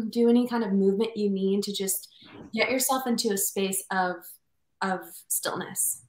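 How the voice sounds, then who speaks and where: Woman guiding a soft meditation. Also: medium pitch, reverberant, low-quality recording. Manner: soft, slow and soothing, speaks softer as it goes. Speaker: meditation guide. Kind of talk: guided meditation.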